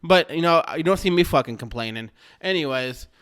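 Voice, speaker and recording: A man casually telling a rambling personal story, swearing freely and mocking himself, and getting loud and excited as it builds. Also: fairly high pitch, brisk, smooth.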